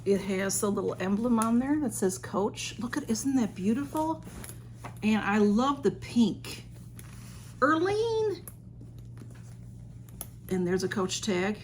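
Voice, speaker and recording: Woman vlogger, casual and effusive, mid-pitched voice, faint background hiss. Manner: gushing, exclaims the sender's name, chatty with fillers. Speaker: vlogger unboxing a gift. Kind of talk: casual unboxing chat.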